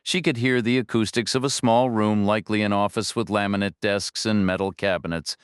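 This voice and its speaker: A man narrating a thriller audiobook in a steady, measured storytelling voice on a close studio mic. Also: lowish voice, smooth, no echo. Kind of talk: scripted narration.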